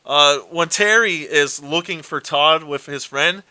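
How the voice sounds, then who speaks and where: A man with a fairly high, bright voice retells horror movie plots in a casual chat. He acts out the characters' lines and swears freely. The sound is dry and close. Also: a little slow, clean tone, no room sound. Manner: animated storytelling with swearing and acted quotes. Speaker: co-host.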